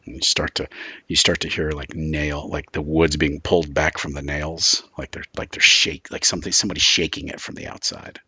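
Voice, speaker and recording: Low-voiced rambling game master, man. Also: little pitch movement, fairly quick, pushed and bright, husky, no room sound. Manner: loose, rambling description full of "like" and "kinda". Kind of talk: narrating a tabletop horror game.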